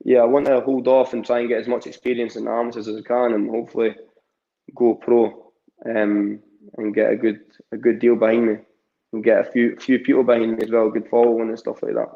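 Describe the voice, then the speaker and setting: Young Scottish male guest, casual, rambling, mid-pitched, muffled audio. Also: level tone, fairly quick, vocal fry. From Scotland. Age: young adult. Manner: rambling, many fillers and restarts. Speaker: amateur boxer, guest. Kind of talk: casual interview chat.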